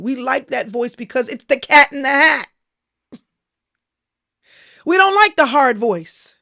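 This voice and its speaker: A woman's voice: sits high, animated, measured pace, long pauses, bright, forceful tone, no room sound, studio quality. Emphatic woman preaching. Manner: emphatic, repetitive preaching cadence. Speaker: Christian speaker. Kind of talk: motivational sermon.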